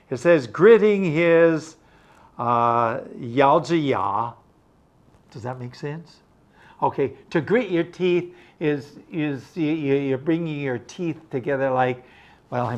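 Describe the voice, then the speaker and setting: Brief: older man, slow patient English teacher, slightly high voice, dull lo-fi recording. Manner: slow, patient, explains words, checks with "okay?". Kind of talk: bilingual English lesson.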